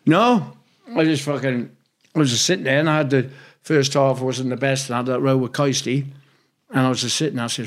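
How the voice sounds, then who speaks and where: He's a fast talker with a steady, mid-range voice and a Geordie accent from Newcastle, England. Once a footballer, he now rambles through sweary, blunt stories in a laid-back interview.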